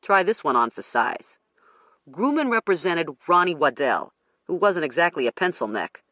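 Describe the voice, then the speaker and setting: A man's voice: a little high, sing-song, normal speed, pushed and bright, no echo, heavily acted. An audiobook reader voicing a blunt male police detective who asks short, clipped questions.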